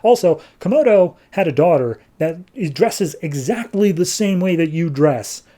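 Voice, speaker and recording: A brash young archer hero, blunt and demanding answers, done offhand by a man in his own relaxed voice. It is a mellow, low-key reading. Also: measured pace. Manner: blunt, questioning.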